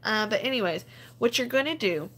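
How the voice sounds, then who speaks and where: A woman's voice: a little high, animated, brisk, a bit bright. A woman hosting a casual live stream, chatting and laughing as she reads out viewer comments and explains things step by step. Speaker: couponing channel host.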